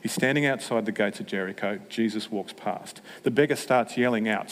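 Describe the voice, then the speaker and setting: A man preaching a sermon, humorous and self-mocking, with animated asides. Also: lowish voice, moderate pace, hardly any pauses. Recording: long hall reverb.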